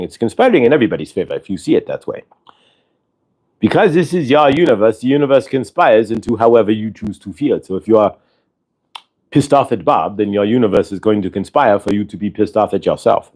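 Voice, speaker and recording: A man's voice: fairly low pitch, animated, brisk, darkish tone. Guy channeling a spirit on a stream, rambly and repetitive, says "we", acts out bits of dialogue. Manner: rambling, repetitive, speaks as a collective "we"; acts out everyday dialogue in quoted voices. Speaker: spiritual channeler and livestream host.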